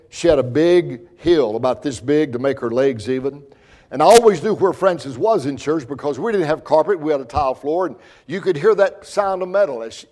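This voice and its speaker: A man preaching a sermon, telling a story in a folksy, earnest way. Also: a little high. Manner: folksy, earnest, repeats words when excited. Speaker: pastor.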